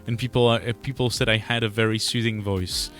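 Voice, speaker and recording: A man hosting a casual podcast chat, halting and laughing often. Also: lowish voice, fairly even intonation, fairly bright tone, soft background music. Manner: halting, many restarts and laughs. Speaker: podcast host.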